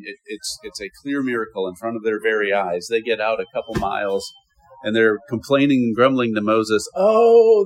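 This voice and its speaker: A man's voice: fairly low pitch, rough recording. A man teaching a Bible lesson to a class, asking questions and answering them himself. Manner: lively questioning, with self-answered rhetorical questions.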